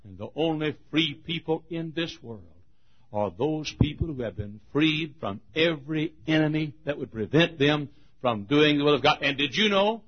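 Husky high-pitched emphatic male preacher. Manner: emphatic, swings from hushed to shouting. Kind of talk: sermon. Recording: dull lo-fi old sermon tape.

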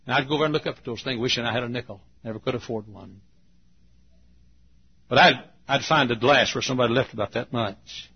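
Husky guy preaching, folksy stories, soft then loud, dull old recording. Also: mid-range voice, a little fast. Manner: folksy, swings from hushed to loud. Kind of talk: storytelling sermon.

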